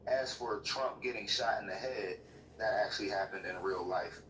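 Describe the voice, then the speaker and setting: Stiff synthetic man's voice, bright and roomy. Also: fairly low pitch, normal speed, recorded from a distance, a little hiss or hum. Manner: stiff, lecturing, polite. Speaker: AI chatbot. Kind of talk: calm, formal replies. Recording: roomy speaker playback with faint TV.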